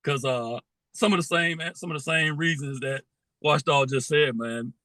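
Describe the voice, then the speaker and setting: A man giving his take in a casual sports podcast, steady and plain-spoken, often ending lines with "man". His voice is bright and forceful, a little high, with dry, close sound. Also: moderate pace, no echo, poor audio. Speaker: podcast co-host.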